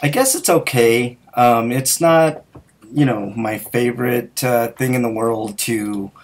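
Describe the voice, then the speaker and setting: A man's voice: medium pitch, unhurried. A man hosting a gaming podcast in casual chat, hesitant, with many fillers and restarts. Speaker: podcast host.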